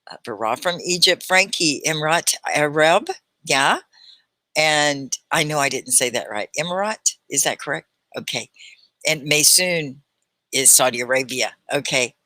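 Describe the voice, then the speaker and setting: A woman hosting a live online English class, greeting students warmly and praising them. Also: rumbling low, dry recording. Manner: effusive, praising and welcoming; talks slowly at points for learners. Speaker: English teacher hosting a livestream.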